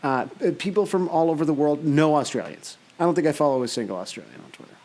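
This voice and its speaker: A man co-hosting a podcast in casual chat, animated and mock-outraged, swearing a lot. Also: fairly high pitch, fast talker. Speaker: podcast co-host.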